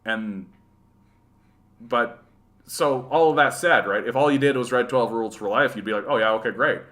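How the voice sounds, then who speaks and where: Male livestream host from rural Manitoba, bright tone, rambling, sarcastic delivery. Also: mid-range voice, normal speed. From rural Manitoba, Canada. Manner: rambling, repeats "right?", sarcastic asides. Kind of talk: casual livestream chat reading viewer comments.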